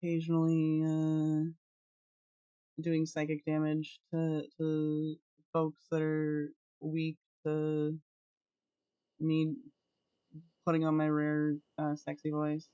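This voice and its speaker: A woman with a slightly low voice hosts a relaxed art stream. She talks at an unhurried pace, playful and giggly as she greets chat. The sound is dry and close, with no room around her. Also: dry recording, muffled recording. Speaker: streamer drawing art live. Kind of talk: casual livestream chat with viewers.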